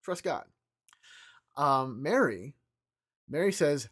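A man leading a morning prayer, explaining a scripture passage in a loose, conversational way with frequent pauses and restarts. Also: a little high, very animated, slightly rough. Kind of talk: informal devotional teaching.

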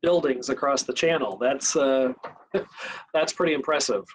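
Slow-talking male moderator. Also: mid-range voice, a little hiss or hum, rough recording. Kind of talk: panel discussion.

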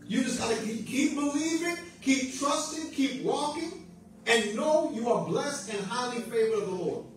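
A man's voice: very high voice, expressive, normal speed. A man preaching a sermon in a church, urging his listeners on with repeated phrases and call-and-response amens. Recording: very echoey room, mic at a distance.

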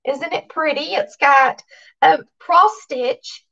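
A Southern woman hosting a cooking channel, chatting casually and excitedly to her viewers as she reads their cards aloud. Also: high voice, slow pace, creaky, far from the mic, dull audio.

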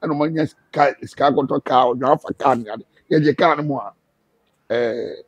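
A man with a Ghanaian accent, a guest telling his story in an animated, casual way and acting out what others said. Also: mid-range voice, normal speed, breathy edge, no room sound. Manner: animated, quotes others in dialogue. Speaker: interview guest.

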